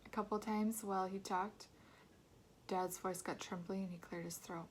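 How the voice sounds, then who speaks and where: A woman reading a children's novel aloud in a soft, intimate way, often dropping to a whisper. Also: mid-range voice, steady tone, moderate pace, slight background noise. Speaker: read-aloud narrator. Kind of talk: storybook narration.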